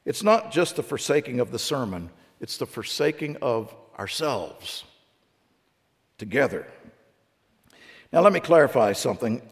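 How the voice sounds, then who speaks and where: A man's voice: medium pitch, creaky, in a large hall. A middle-aged man preaching a sermon as a pastor, asking his congregation one rhetorical question after another.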